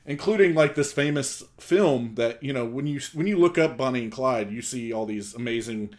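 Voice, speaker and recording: A man's voice: mid-range voice, animated, normal speed, a little mellow. Casual man co-hosting a podcast. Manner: laughs often, swears casually. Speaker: podcast co-host. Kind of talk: casual chat.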